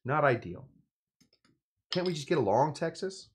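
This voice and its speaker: A man's voice: fairly high pitch, very animated, moderate pace, noisy background. Rambling, jokey male cocktail host. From California. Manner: rambling, jokey, playful asides. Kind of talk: casual cocktail-making demo.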